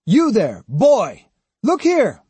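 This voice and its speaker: A man's voice: sits high, lively intonation, normal speed, mellow, no echo, voice pushed up. A man voicing an arrogant, contemptuous male swordsman who questions people in a surly, condescending way. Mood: surly, probing.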